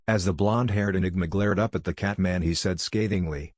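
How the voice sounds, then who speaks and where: A man narrating a fan fiction story in a flat, even reading voice. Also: sits low, brisk, hardly any pauses, dry recording, clean studio sound.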